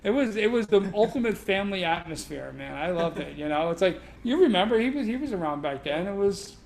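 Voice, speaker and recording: A man's voice: high voice, fairly quick, gravelly, slight background noise. A middle-aged man, casually telling laughing, profane stories about his martial arts past. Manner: animated, laughing, profane anecdotes. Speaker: guest martial arts instructor. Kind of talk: casual storytelling chat. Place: martial arts school in New York City.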